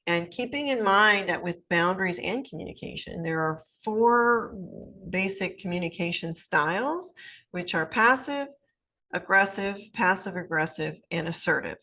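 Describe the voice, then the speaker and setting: A woman's voice: fairly low pitch, expressive, unhurried, bright, forceful tone. A woman hosting a casual advice talk, chatting loosely with many fillers and asides, and acting out little quoted scenes. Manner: chatty, rambling, lots of fillers and "right?"; acts out little quoted scenes in changed voices. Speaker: podcast host, life coach.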